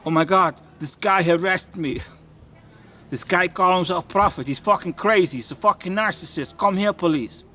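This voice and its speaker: A woman's voice: on the low side, normal speed, fairly bright tone, pitched above the performer's own voice. A man putting on the voice of an indignant old grandmother calling the police. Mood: outraged.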